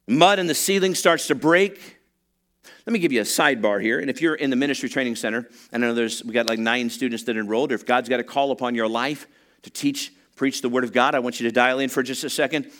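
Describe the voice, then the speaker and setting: Speaking fast at a medium pitch, a pastor brings a sermon story to life with humor, voicing the people in it and dropping in comic asides.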